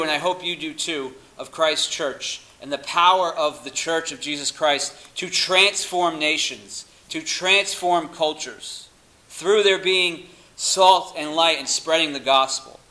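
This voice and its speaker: A man delivering a sermon in an emphatic preaching manner. His voice is bright and forceful, sitting slightly above the usual male pitch. He reads scripture aloud and presses his points hard. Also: poor audio. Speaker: pastor.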